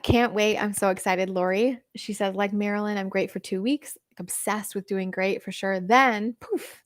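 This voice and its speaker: A woman's voice: mid-range voice, no echo, clean studio sound. Chatty woman coach answering livestream questions. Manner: chatty and animated, laughs often, many fillers. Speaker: weight-loss coach. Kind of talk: livestream Q&A, reading viewer comments.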